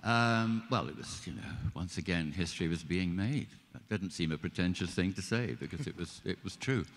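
A man's voice: deep voice, moderate pace. An older man, a guest actor, telling stories at a live panel and acting out quoted dialogue. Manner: animated, acts out quoted dialogue. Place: live event stage. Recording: long hall reverb.

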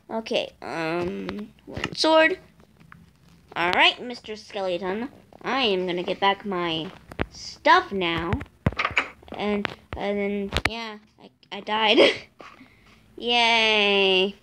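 A woman host giving let's play commentary, excitable, shrieking and yelling at the monsters in her game. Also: medium pitch, slow, long pauses, background noise. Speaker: gaming channel host.

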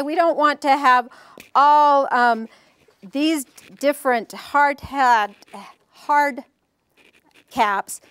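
Woman, workshop presenter; lively storyteller, high voice, dry close recording. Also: no room sound. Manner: animated storytelling, asks the audience questions. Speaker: early-learning workshop presenter. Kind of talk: teaching a parent workshop.

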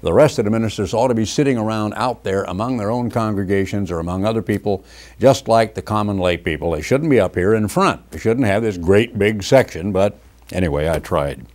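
A man's voice: on the low side, a little fast, darkish tone. Older man, sermon from a home study, conversational, mimics other people's voices. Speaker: preacher.

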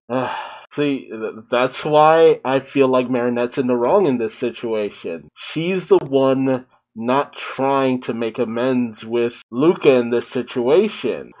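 A man's voice: medium pitch, highs cut off. A man giving casual, emotional reaction commentary on a cartoon episode, often exclaiming and laughing. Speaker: reaction video host.

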